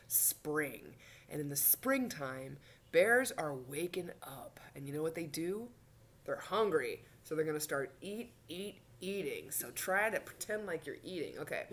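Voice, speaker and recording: A woman's voice: low voice, expressive, unhurried, soft background music. A woman leading a toddler story time, talking playfully, singing bouncy verses and dropping into whispers. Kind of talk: children's sing-along and storytime.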